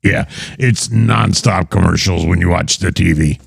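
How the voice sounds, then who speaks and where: A man hosting a comedy talk show, mocking his guests with big swings in pitch. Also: unhurried, gravelly, slightly rough, no room sound, clean studio sound. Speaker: host.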